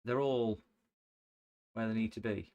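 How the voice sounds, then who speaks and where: A man's voice: lowish voice, fairly even intonation, unhurried, warm tone, highs cut off. A middle-aged man streaming a repair, chatting jokily and rambling as he works. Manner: jokey, rambling, sings and hums to himself. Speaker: livestreamer repairing electronics. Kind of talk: casual chat while working.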